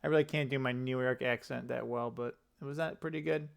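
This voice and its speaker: A man hosting a casual political commentary vlog, rambling and opinionated, with quick asides and self-corrections. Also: mid-range voice, steady tone, vocal fry, clear, resonant tone. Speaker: political commentary channel host.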